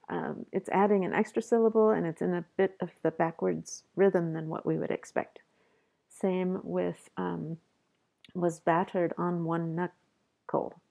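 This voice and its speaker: A middle-aged woman professor giving a measured, explanatory poetry lecture and reading a poem aloud. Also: on the low side, vocal fry, warm tone. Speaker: college professor.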